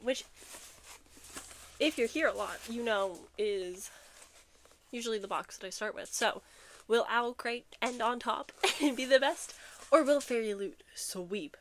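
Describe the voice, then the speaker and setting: A young woman vlogging a book unboxing in a casual, chatty way, excitable and giggly, a bit out of breath. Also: fairly high pitch, measured pace, long pauses, slight background noise. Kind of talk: casual chat and reading blurbs aloud.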